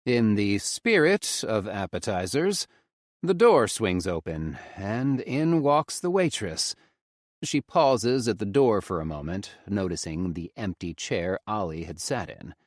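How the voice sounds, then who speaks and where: Deep-voiced male audiobook narrator. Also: big pitch swings, a little slow, no room sound, studio quality. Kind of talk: first-person audiobook narration.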